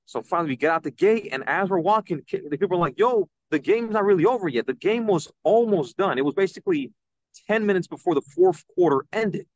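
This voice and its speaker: A young man, a podcast guest, telling an animated story and acting out the people he quotes. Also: high voice, fast talker, no room sound. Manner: excitable, acts out quoted voices. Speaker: podcast guest, citizen news reporter.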